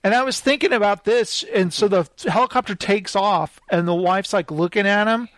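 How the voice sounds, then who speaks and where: A man's voice: high-pitched, moderate pace, dry recording, clean studio sound. A man in casual chat, telling a long story animatedly and acting out the characters' lines, laughing often. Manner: animated storyteller, acts out quotes in raised voices, laughs often.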